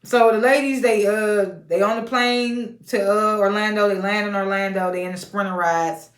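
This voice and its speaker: A woman's voice: medium pitch, fairly even intonation, normal speed, echoey room. A woman casually recapping a reality show episode, chatty, laughing often and retelling scenes in quoted voices.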